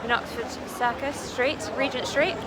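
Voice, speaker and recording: A young woman chatting casually to her phone camera as she vlogs, playful and quick to laugh. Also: sits high, steady tone. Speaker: vlogger. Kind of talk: casual vlog chat. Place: outdoors on busy city streets and in a café. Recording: phone recording with street noise. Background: street and traffic noise.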